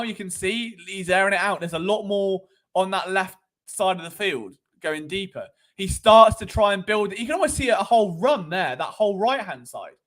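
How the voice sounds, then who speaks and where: A man's voice: high-pitched, fairly bright tone. A man giving rambling, sarcastic casual sports analysis while sleepy. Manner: rambling, sarcastic, restarts often. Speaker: sports commentator.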